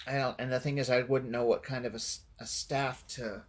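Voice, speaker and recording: A man's voice: medium pitch, little pitch movement, fairly quick. A man streaming a game, giving casual commentary while rambling and correcting himself as he thinks aloud.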